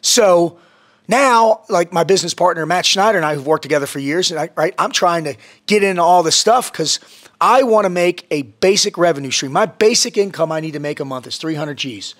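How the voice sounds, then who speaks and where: A man as a podcast guest in casual chat, telling stories in an intense, profane, animated way. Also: fairly high pitch, a little fast.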